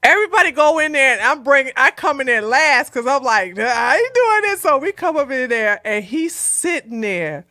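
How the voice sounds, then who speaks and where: A middle-aged woman with a high, bright, sharp voice tells a story in a casual, animated way. The sound is close and dry, with no room around her. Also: no room sound. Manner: animated, laughing, with loud outbursts while retelling. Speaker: channel host recounting police work.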